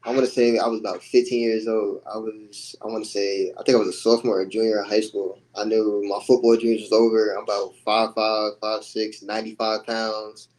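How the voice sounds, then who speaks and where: A young man, a boxer, answering interview questions in a low-key, casual way. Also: flat delivery, a little fast, hardly any pauses, darkish tone, slight background noise, poor audio.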